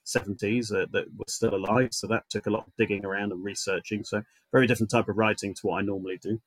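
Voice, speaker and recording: A man's voice: on the low side, steady tone, fast, no room sound, low-quality recording. A man chatting casually as an actor and writer guest, rambling and joking with lots of fillers. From northern England. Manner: rambling, jokey, with many fillers. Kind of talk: casual chat.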